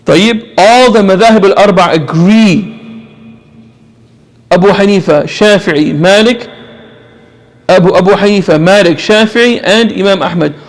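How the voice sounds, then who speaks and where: A man's voice: high voice, measured pace, long pauses. A man giving an impassioned religious lecture, repeating phrases for emphasis.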